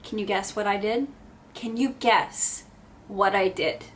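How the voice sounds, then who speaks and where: A woman vlogger telling a dramatic story time, animated and salty with swearing. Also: mid-range voice, measured pace, very noisy. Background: background music.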